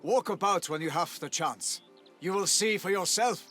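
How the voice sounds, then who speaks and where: An actor playing a solemn, duty-bound knight in a video game, speaking formal, archaic lines in a measured way. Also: male voice, high-pitched, sharp tone, soft background music. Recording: long reverb.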